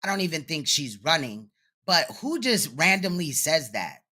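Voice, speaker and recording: Woman commentary host, very bright tone, blunt, mocking, cursing. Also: sits low, sing-song, moderate pace. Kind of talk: reaction commentary.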